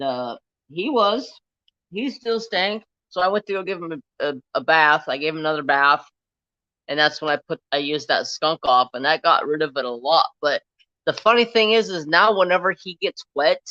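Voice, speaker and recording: Casual male stream host with a bright, tense voice, chatty and profane, recorded dry and a bit lo-fi. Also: a little high, normal speed, dry recording. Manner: rambling, animated, swears freely. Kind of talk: casual storytelling chat. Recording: slightly dull, lo-fi sound.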